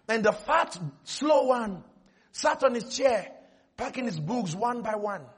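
A man preaching a sermon, telling a story with animated energy and bursting into shouts. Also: extremely high pitch, husky.

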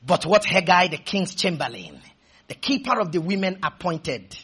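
A man preaching a sermon, leading the congregation in call-and-response with shouted refrains, then dropping into quiet, humorous storytelling. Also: sits high, animated, normal speed, husky.

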